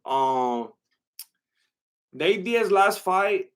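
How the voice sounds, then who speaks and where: A man's voice: sits high, lively intonation, drawn-out words, a bit bright, clean tone. Rambling, hesitant man on a livestream. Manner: rambling and hesitant, many fillers and restarts. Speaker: livestream host reading chat. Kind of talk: casual livestream chat.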